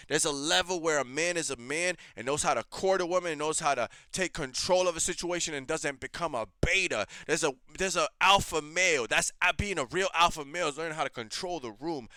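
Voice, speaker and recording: A man's voice: fairly high pitch, bright, forceful tone, dry recording. A man hosting a reaction show, ranting in blunt, heated, profane commentary.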